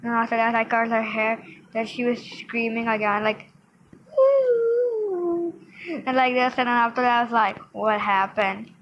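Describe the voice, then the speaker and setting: A young girl tells the story of her game play in a playful, rambling way, acting out characters as she goes. Her voice sits a little high. The sound is dull and lo-fi, with a faint hiss behind it. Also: flat delivery, a little fast. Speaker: gaming vlogger. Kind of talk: casual game commentary.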